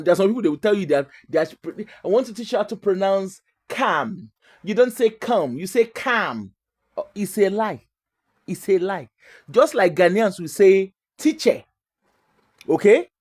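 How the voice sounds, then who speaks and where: A Nigerian man with a fairly high voice tells stories in a relaxed, chatty way. His pitch swings widely as he talks, and he slips Pidgin into his English with frequent laughs. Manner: animated, mixes Pidgin into English, laughs often. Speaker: guest. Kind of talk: casual storytelling.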